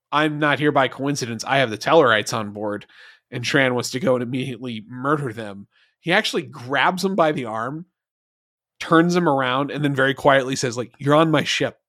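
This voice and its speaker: A man's voice: medium pitch, a bit bright, no echo, studio quality. A man co-hosting a podcast, chatting casually through an episode review with lots of fillers and restarts. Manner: rambling, many fillers and restarts. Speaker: podcast co-host.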